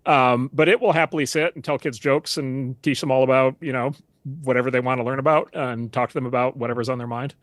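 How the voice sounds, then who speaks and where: A middle-aged man rattles along at a fast clip as an interview guest, peppering his talk with fillers and restarting sentences. His voice sits at an ordinary pitch and is recorded close and dry, with no room sound. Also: steady tone, fairly bright tone, dry recording.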